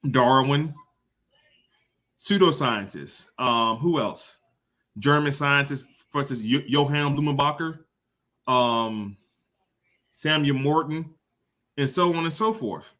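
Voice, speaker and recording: Animated, profane man lecturing. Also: medium pitch, takes it slowly, pauses often. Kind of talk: informal lecture with visuals.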